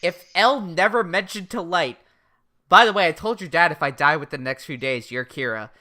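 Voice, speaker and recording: A young woman co-hosting a casual anime recap podcast, summarizing episodes with deadpan jokes and frequent swearing. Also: on the low side, fairly quick. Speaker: podcast co-host.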